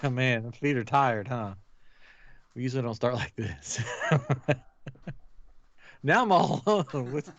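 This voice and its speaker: A man hosts a live podcast with a lively, bouncing delivery that swings up and down. He giggles often and trips over his intro. The sound is dull and lo-fi. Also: medium pitch, unhurried, long pauses, no echo. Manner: giggly, animated, keeps restarting. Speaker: podcast host. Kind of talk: casual live podcast chat.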